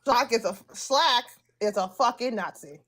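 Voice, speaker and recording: A woman's voice: on the high side, animated, a little slow, a bit bright. A woman on a wrestling talk panel, ranting and cursing heavily. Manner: profane, ranting. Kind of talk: casual panel chat.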